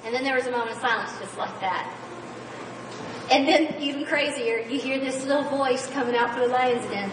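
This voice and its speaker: A woman preacher giving an animated, expressive sermon, recorded from far off in a large hall. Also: sits high, fairly quick, slight background noise.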